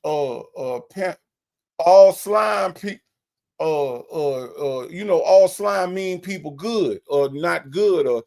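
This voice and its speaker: A man's voice: fairly high pitch, animated, slow pace, gravelly, hardly any pauses, warm tone. A man hosting a casual commentary show, mocking and often restarting his sentences. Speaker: show host.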